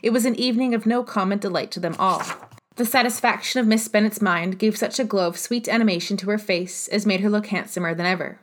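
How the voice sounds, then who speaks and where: Woman audiobook narrator, calm and measured. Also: mid-range voice. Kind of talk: audiobook reading of a classic novel.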